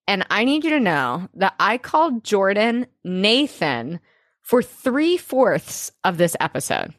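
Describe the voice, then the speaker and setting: A young woman co-hosting a podcast, recapping a TV episode in casual chat, excitable and laughing a lot as she acts out the characters' lines. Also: mid-range voice, slow, no room sound, clean studio sound. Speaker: podcast co-host.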